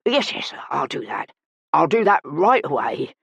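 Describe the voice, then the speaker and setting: A woman's voice: big pitch swings, normal speed, creaky, husky, no room sound, heavily acted. A woman voicing a greedy, flustered male tea garden owner who talks nervously and wheedles. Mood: timid. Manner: wheedling, nervous, rising to shrill.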